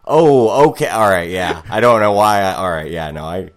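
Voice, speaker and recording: A man bantering casually on a comedy podcast, rambling and halting, laughing often. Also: sits low.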